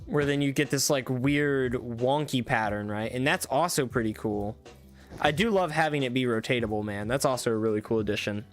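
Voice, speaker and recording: A man's voice: mid-range voice, a little fast, soft background music. A young man casually commenting on a live stream, chatty and enthusiastic with lots of fillers. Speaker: streamer reviewing viewer-made game mods.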